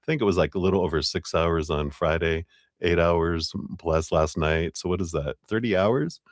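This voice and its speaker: A man's voice: low voice, moderate pace, no room sound, clean studio sound. A man hosting a live tarot stream, chatting casually with viewers, laughing often and sounding giddy.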